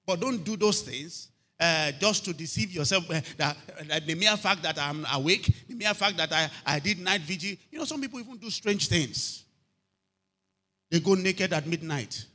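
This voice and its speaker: Telling a story in his sermon, a pastor often repeats phrases and asks the congregation, "are you hearing me?" His high-pitched voice is sharp-toned, with lively intonation at a moderate pace.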